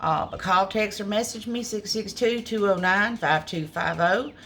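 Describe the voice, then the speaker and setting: A woman's voice: medium pitch, moderate pace, a bit bright, a little hiss or hum. A woman, chatting casually to viewers as she cooks in a restaurant kitchen, filmed on a phone camera. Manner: homey, chatty, addresses viewers as y'all. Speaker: small restaurant cook. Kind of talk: casual cooking video.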